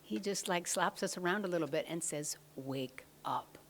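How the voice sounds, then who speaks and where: A woman giving a devotional satsang talk, speaking softly and slowly, often close to a whisper. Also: on the low side, a little hiss or hum. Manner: soft, slow, often half-whispered.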